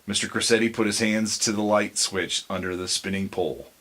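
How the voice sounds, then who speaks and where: A man reading a spooky bedtime story aloud as narrator, measured and deliberate. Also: lowish voice, fairly even intonation, a bit bright.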